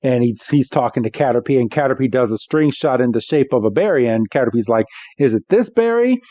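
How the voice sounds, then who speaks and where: Mellow-voiced man recapping casually. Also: mid-range voice, fast, dry recording, muffled recording. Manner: relaxed storytelling with frequent fillers. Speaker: podcast co-host.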